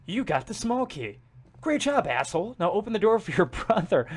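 A young man giving casual gameplay commentary, jokey, swearing a lot and exclaiming loudly. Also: high-pitched, sing-song, normal speed, husky. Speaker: gaming streamer.

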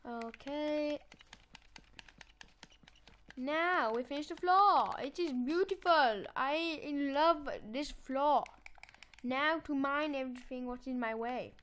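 A woman's voice: sits high, a little slow, fairly bright tone. A woman giving chatty let's-play commentary, talking to herself as she builds and playfully gloating at the game. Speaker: gameplay channel host.

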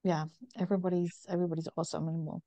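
A middle-aged woman from northeast England with a softened northern English accent, explaining things in a measured way with many ums as an interview guest. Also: lowish voice, flat delivery, dry recording. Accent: northern English, softened by decades in the US. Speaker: guest, women's health company founder. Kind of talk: interview conversation.

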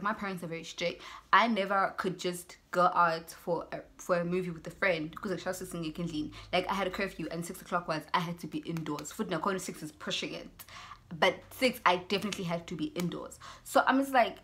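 A young South African woman telling a personal story on her vlog, animated, acting out both sides of conversations and mixing in Zulu words. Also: on the low side, brisk. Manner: mixes in Zulu words and phrases. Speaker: YouTuber.

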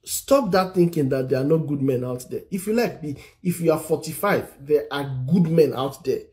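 A man's voice: a little high, normal speed, a little mellow. A man giving an earnest, encouraging sermon-style teaching over a phone live stream, repeating his points and reading scripture aloud. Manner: earnest, repetitive exhortation, reads scripture aloud. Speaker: Christian teacher on singles and marriage.

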